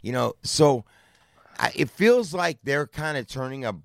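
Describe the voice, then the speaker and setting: A man's voice: medium pitch, unhurried, gravelly, dry recording, studio quality. A man co-hosting a podcast, talking with lots of profanity and energy. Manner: profane, animated, agreeing loudly. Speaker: podcast co-host. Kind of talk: crude comedic podcast banter.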